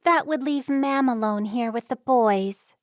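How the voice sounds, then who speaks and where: A woman voicing a headstrong, upset young Amish woman in an audiobook, speaking in a higher, pleading girlish tone. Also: a little slow, no echo, clean studio sound, close to an everyday voice.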